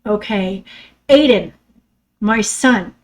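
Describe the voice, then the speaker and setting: A middle-aged woman hosting a podcast, telling a personal story in a candid, profane way, trailing off and restarting, sometimes dropping to a hush and sometimes breaking into loud outbursts. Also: medium pitch, slow, low-quality recording. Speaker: podcast host.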